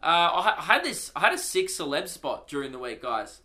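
Australian comedian, young, slightly high bright voice, rambling anecdotal podcast chat. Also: male voice, huge pitch swings, brisk. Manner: rambling, swearing, anecdotal storytelling. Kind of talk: casual solo podcast chat.

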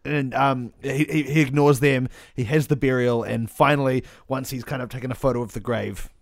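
A man co-hosting a comedy podcast, spinning an absurd story in a dry, deadpan way. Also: medium pitch, brisk, no room sound.

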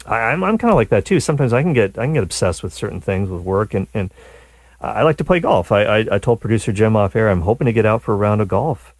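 Chatty low-voiced male radio host. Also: big pitch swings, fast, no room sound. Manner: rambling, self-deprecating, many restarts. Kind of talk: casual talk radio monologue. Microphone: studio mic.

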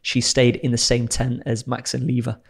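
A man's voice: mid-range voice, monotone, normal speed, gravelly, breathy edge. A young man, an explorer, telling a story casually and animatedly, swearing freely and acting out what people said. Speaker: explorer telling his adventures as a guest.

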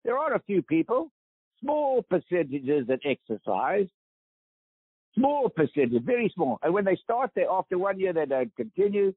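A man's voice: high voice, very animated, moderate pace, breathy edge, no room sound. A man in his eighties with a South African accent, speaking emphatically as a guest in a phone interview. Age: 80s. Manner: emphatic, preaching. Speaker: guest, veteran golfer. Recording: tinny phone line, dry.

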